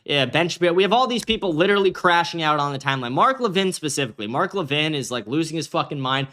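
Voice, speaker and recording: A man's voice: on the high side, bright, forceful tone. A man hosting a livestream commentary show from a green-screen studio, ranting in a brash, profane way. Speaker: host.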